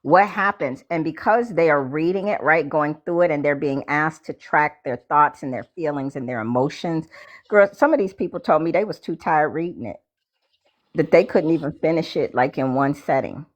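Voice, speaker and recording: A woman host in casual chat, telling stories in an animated way and talking straight to her listeners. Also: sits low, moderate pace. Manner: animated storyteller, addresses listeners as y'all. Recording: dull lo-fi audio.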